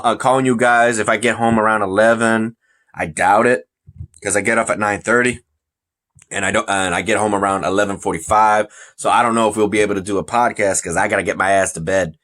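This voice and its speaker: A man's voice: on the low side, fairly quick, fairly bright tone. Male podcast host, casual, rambling, joking, stumbles over words. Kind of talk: casual chat.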